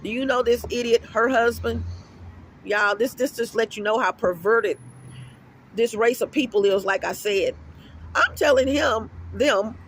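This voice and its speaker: A man's voice: high voice, fairly even intonation, moderate pace, a bit bright, slight background noise. A middle-aged man vlogging outdoors at an apartment complex, telling a rambling, emphatic story full of cursing. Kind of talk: casual vlog rant.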